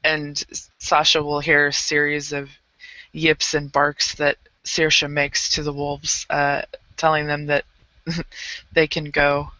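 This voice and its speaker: A man's voice: a little high, monotone, takes it slowly, bright, forceful tone, no room sound, dull audio. A man playing a tabletop game, narrating and voicing his character in a hesitant way with many fillers. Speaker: player.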